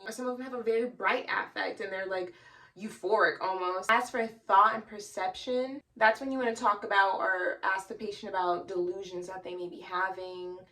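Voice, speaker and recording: A woman's voice: medium pitch, fairly even intonation, normal speed, sharp tone, recorded from a distance. A young woman who works as a psychiatric nurse, explaining in a chatty, earnest way with a lot of "you know". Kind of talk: casual educational explainer.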